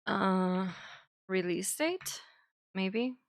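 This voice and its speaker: A woman's voice: medium pitch, lively intonation, extremely slow. A woman streamer ranting in casual chat to her viewers, swearing a lot and sounding exasperated.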